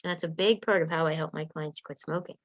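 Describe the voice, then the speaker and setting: A woman's voice: sits low, fairly even intonation, fast, no echo. Female life coach, encouraging workshop delivery, dull dry recording. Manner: earnest, conversational, encouraging. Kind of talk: teaching a self-help workshop. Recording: slightly muffled, dull sound.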